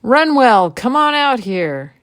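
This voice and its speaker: A woman's voice: mid-range voice, expressive, normal speed, no room sound, studio quality, close to an everyday voice. Woman voicing Jack, the bold folk-tale hero. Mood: commanding. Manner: folksy Appalachian tall-tale speech. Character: bold young male adventurer, cheerful and sure.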